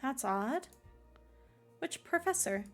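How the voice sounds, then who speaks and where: A woman's voice: high voice, big pitch swings, slow pace, soft background music, full character voice. A woman reading the lines of a suspicious campus clerk aloud from a game, in her own voice. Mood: wary.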